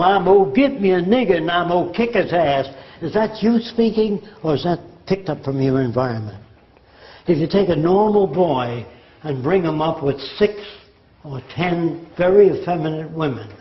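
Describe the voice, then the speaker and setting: A man's voice: a little high, highs cut off. Older man lecturing in an echoey room. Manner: argumentative, slips into mimicked accents for examples. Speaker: speaker on his social project. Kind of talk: informal lecture.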